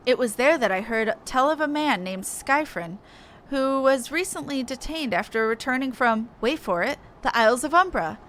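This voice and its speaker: A woman's voice: high-pitched, expressive, moderate pace, fairly bright tone, slight background noise. Woman reading as a prim, haughty scholar lady. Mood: sniffy. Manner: formal, archaic, sniffy phrasing. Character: haughty, prim female scholar, reluctant and fussy. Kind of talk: reading game dialogue aloud.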